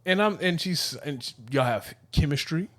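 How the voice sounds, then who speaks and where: Male co-host, higher voice, teasing and persistent. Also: animated, normal speed, a bit bright. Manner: teasing, pushing questions. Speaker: podcast co-host. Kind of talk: casual podcast banter.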